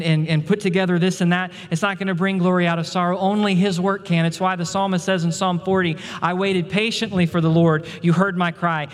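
Earnest male pastor preaching in a hall. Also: high-pitched. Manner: earnest preaching, swelling then dropping to hushed tones. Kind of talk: sermon.

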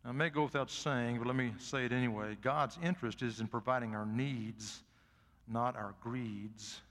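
An older man and pastor preaching a sermon in a church. He is folksy and swings from loud emphatic peaks to soft asides. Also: mid-range voice, steady tone, normal speed, in a large hall. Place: church sanctuary.

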